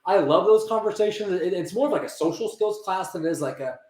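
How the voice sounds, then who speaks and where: A man talks quickly and animatedly, slipping into quick acted-out bits of dialogue and stumbling over restarts. His fairly high voice rings in a noticeably echoey room. It sounds like a relaxed interview chat. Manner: animated, acts out quoted dialogue, many restarts. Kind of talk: casual interview talk. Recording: roomy echo.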